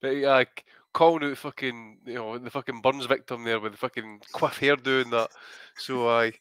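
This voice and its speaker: A man's voice: mid-range voice, steady tone, moderate pace, fairly bright tone, clean tone, dry recording. A man co-hosting a podcast, ranting in a rambling, sweary, mocking way. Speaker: podcast co-host. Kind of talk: casual podcast rant.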